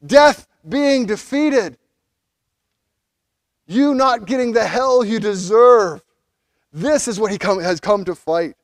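A pastor preaching a sermon, animated, acting out quoted figures as he goes. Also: high-pitched, slow pace, pauses often, dry recording.

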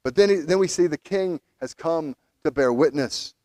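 Man, pastor, animated sermon delivery, high-pitched, dry close recording. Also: normal speed, no room sound. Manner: animated preaching, voicing biblical figures in quotes.

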